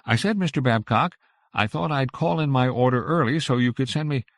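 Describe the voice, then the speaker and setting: A man's voice: deep voice, wildly swooping pitch, a little fast, vocal fry, no room sound, clean studio sound, pitched above the performer's own voice, heavily acted. A man voicing a polite middle-aged wife who talks with strained, placating patience. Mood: patient.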